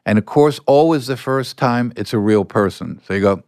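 An older man, a guest being interviewed, telling anecdotes in a relaxed way and acting out bits of dialogue. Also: medium pitch, normal speed, clear, resonant tone, no echo, studio quality. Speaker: guest, former con artist. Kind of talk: storytelling interview answers.

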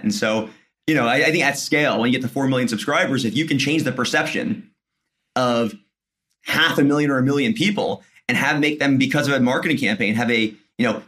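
A man who founded a media company, a guest on a podcast in casual business chat, talking quickly and leaning on "right?" and "like". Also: mid-range voice, a bit bright. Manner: talks fast, leans on "right?" and "like".

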